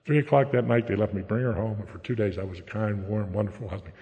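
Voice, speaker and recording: An older Pittsburgh-area man gives a blunt, plain-spoken recovery testimony at a meeting, frequently ending lines with "okay?". His voice is fairly low, quick, and mellow. The sound is dull and lo-fi, echoing in a hall.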